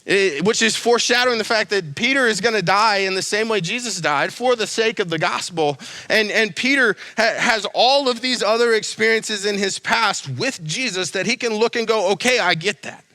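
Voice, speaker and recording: A young adult man preaching a sermon in a casual, animated way, with slangy asides and quick acted-out lines. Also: sits high, dry recording. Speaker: pastor.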